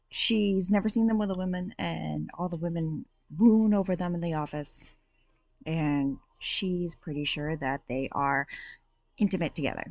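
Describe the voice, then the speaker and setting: A woman's voice: lowish voice, no room sound. A woman hosting a casual book review, chatty and rambling with lots of ums and likes. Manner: chatty, rambling, with many fillers.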